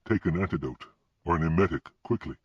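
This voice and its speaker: A man's voice: deep voice, fast talker, slightly rough, no echo. A man voicing an earnest young man who serves as Death in an audiobook, speaking in a pleading, urgent way. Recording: dull lo-fi recording.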